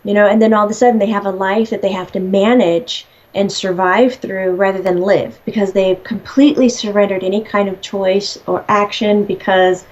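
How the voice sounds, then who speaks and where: A woman's voice: medium pitch, steady tone, normal speed, hardly any pauses, darkish tone. A woman relaying messages as a medium in casual conversation, chatty, laughing often and swearing freely. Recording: slightly dull lo-fi audio.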